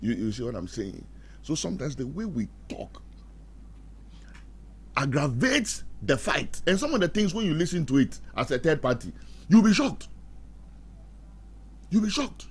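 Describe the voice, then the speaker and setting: A man's voice: a little high, moderate pace, long pauses, slightly rough. A middle-aged man giving marriage advice like a preacher on a radio talk show, acting out quarrels and laughing at his own jokes. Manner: animated, acts out quarrels in put-on voices, laughs at own jokes. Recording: faint background noise.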